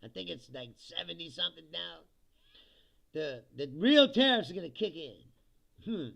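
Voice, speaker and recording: A man's voice: a little high, big pitch swings, moderate pace, creaky, fairly bright tone. A male comedian hosting a casual livestream, swearing, joking sarcastically and laughing often as he reads viewer comments. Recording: dull lo-fi stream audio.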